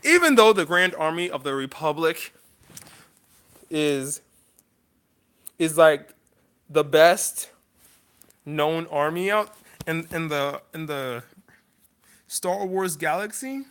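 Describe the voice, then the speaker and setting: High, bright-voiced rambling young man. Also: animated, slow, long pauses, clean tone. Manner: rambling, apologetic, many restarts. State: emotional. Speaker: YouTuber. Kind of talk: casual vlog monologue.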